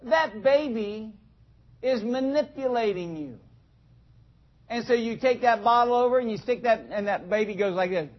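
A man's voice: very high-pitched, normal speed. A man preaching a conversational sermon to a church congregation, asking them questions and acting out little scenes. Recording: dull lo-fi sound.

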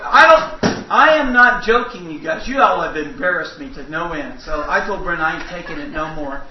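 A man's voice: fairly high pitch, expressive, moderate pace, background noise. A man preaching a sermon in a church, telling folksy, humorous stories. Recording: echoey hall, distant mic, dull sound.

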